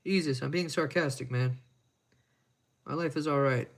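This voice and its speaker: Livestreamer fixing watches, a man with crude self-mocking humor and a gravelly edge. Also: on the high side, moderate pace. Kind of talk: casual live-stream chat while working.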